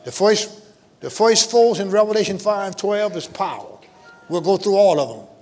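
High-voiced preacher shouting call-and-response. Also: male voice, animated, normal speed, big-room sound, soft background music. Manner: folksy, joking asides to the congregation. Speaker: pastor. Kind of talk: sermon. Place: church sanctuary.

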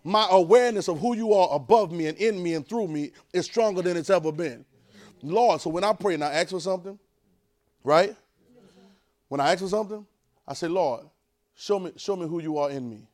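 A man preaching a sermon, urging the congregation to repeat lines after him and swinging between quiet, drawn-out talk and loud bursts. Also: sits high.

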